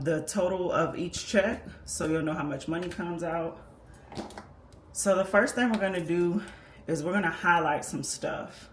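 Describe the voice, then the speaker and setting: A woman walking viewers patiently and methodically through a budgeting tutorial, explaining as she works on paper. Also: low voice. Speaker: personal finance creator. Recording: echoey room with faint background noise.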